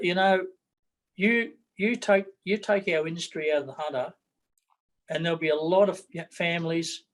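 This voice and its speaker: A man's voice: fairly high pitch, low-quality recording. A middle-aged man with an Australian accent, a political candidate talking bluntly in an interview, repeating his words as he goes.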